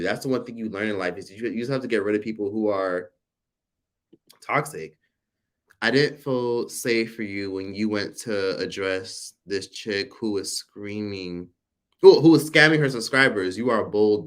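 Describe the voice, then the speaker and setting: A man in his forties hosting a casual livestream, telling a personal story with animated, profane delivery and reading viewer comments aloud. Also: lowish voice. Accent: American. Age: 40s. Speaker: livestream host.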